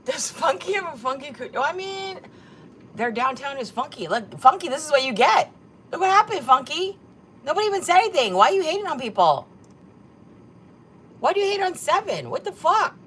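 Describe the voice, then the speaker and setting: A woman's voice: high-pitched, sing-song, fairly quick, a bit bright, slight background noise. A woman hosting a casual livestream, reading chat comments aloud and mocking them with plenty of swearing. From Korea. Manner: sassy, mocking, swears a lot. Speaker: livestream host.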